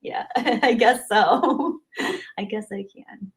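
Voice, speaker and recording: A woman's voice: mid-range voice, slow. A woman hosting a YouTube livestream, chatting casually and reading out viewer comments before answering them.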